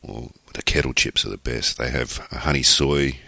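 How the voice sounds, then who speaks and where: A man's voice: extremely low pitch, moderate pace, vocal fry, sharp tone, slightly rough, no echo. A man, co-hosting a casual podcast chat with dry, blunt remarks. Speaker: podcast co-host.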